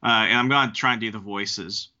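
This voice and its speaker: A man's voice: lowish voice, pushed and bright. A man hosting a podcast, ranting in casual chat with an exasperated tone. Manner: exasperated, fast ranting with restarts. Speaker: podcast host. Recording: dull lo-fi podcast audio.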